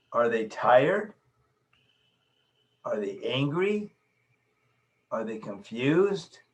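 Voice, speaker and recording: A man lecturing in a recorded video session, emphatic, repeating his key phrases and acting out small examples. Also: medium pitch. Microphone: video call.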